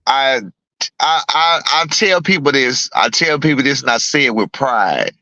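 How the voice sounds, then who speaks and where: A man's voice: medium pitch, animated, a little slow, sharp tone, no room sound, low-quality recording. A middle-aged man, a boxing trainer, talking bluntly in a casual interview, repeating himself and swearing freely.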